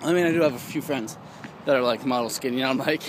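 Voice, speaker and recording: A young man vlogging outdoors in a casual, rambling rant, animated and prone to high mocking squeals. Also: fast talker. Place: outdoors, walking in town. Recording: outdoor street noise behind.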